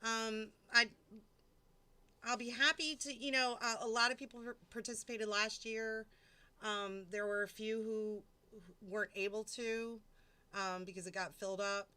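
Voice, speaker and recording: A woman's voice: medium pitch, pushed and bright, clear, resonant tone. A woman hosting a live stream, chatting casually and rambling, swearing often and laughing between thoughts. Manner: rambling, profane and giggly, reading out chat. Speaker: livestream host.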